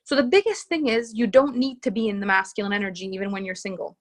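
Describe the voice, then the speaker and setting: A woman's voice: mid-range voice, quick pace. A woman relationship coach talking to her group in a live session, earnest and emphatic, repeating her key phrases. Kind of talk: live coaching session, reading out viewer comments.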